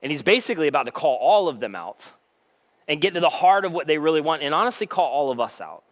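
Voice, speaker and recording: Pastor guy with a higher voice, chatty animated sermon, acts out bits of dialogue. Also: quick pace. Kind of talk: conversational sermon.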